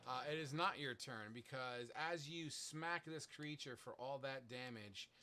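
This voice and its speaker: A man's voice: mid-range voice, a little slow, pushed and bright, slight background noise. A man running a tabletop game as game master, narrating monster turns casually and swearing freely between laughs.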